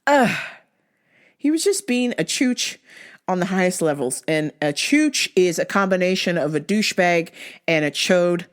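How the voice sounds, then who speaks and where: A young adult woman hosting a vlog, telling a story in a blunt, profane, animated way. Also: fairly low pitch, a little slow. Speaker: vlog host. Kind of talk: casual storytelling monologue.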